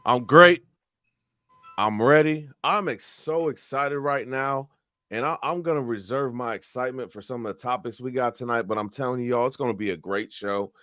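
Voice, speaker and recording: A man's voice: medium pitch, moderate pace, fairly bright tone, no echo, studio quality. A man serving as a sports podcast analyst, emphatic and trash-talking. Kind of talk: excited panel banter.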